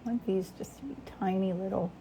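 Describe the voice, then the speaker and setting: A woman in her fifties chats casually through a painting session, talking herself through each brushstroke and greeting her regular viewers. Her voice has a slight gravelly edge. At times she drops to a near whisper, and a faint hiss sits behind the audio. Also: mid-range voice, steady tone, quick pace, dark tone. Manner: chatty, thinks aloud, greets viewers by name. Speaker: painter hosting a live painting demo. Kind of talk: casual live-stream chat while painting.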